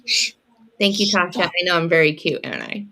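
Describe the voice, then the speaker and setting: A woman's voice: lowish voice, wildly swooping pitch, brisk, vocal fry, sharp tone, slight background noise. A woman chatting on a video call, playful and teasing, cooing over her pet. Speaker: regular guest in the chat. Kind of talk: casual chat.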